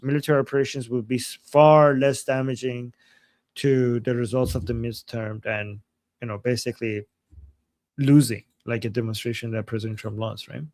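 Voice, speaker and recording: A man's voice: medium pitch, darkish tone, no echo, clean studio sound. A young man co-hosting a livestream, reading viewer comments aloud and answering them in a casual, chatty way. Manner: chatty, reads comments aloud then responds. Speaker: livestream co-host.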